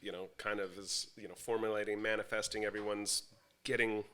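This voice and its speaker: Chill guy on a podcast, lowish voice but really bright, says "you know" a lot. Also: fairly quick, clear, resonant tone. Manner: relaxed, laid-back, lots of fillers like "you know" and "like". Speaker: podcast guest. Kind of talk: casual chat. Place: podcast studio.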